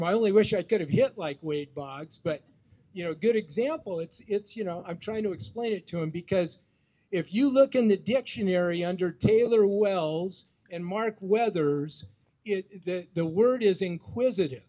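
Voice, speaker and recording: High-voiced man telling a rambling story. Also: moderate pace, mellow. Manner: rambling, full of fillers, jokey anecdotes. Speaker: teammate giving a tribute speech. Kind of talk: storytelling tribute speech.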